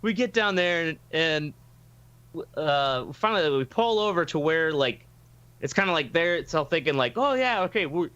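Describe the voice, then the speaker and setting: A man's voice: fairly high pitch, expressive, moderate pace, sharp tone, smooth, no echo, dull audio. A man telling a story casually and animatedly, acting out the voices of people in it and swearing freely. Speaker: podcast host telling a story.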